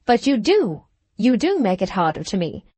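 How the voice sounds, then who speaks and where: A woman reading the part of an anxious, guilty middle-aged banker who pleads in a hurried, strained voice. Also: fairly high pitch, sing-song, dry recording, voice pushed up. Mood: pleading.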